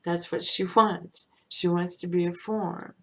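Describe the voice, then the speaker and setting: A woman giving an unscripted spiritual teaching, musing and drifting into soft whispers and chuckles. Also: lowish voice, fairly even intonation, unhurried.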